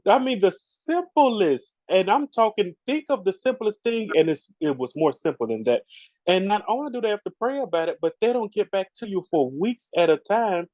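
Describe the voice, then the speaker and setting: A man's voice: high voice, moderate pace, no room sound, low-quality recording. A man co-hosting a podcast, riffing in a casual, preachy way with vernacular speech. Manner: animated, preachy riffing with Southern Black vernacular. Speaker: podcast co-host. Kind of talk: casual chat.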